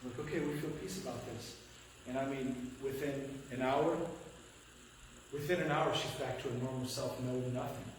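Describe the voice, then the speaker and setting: A pastor with a Midwestern American accent preaching a sermon, telling a family story with quoted lines and dropping to a hush at tense moments. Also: male voice, medium pitch, steady tone, moderate pace, a little hiss or hum. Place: church sanctuary. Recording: echoey church from a distance.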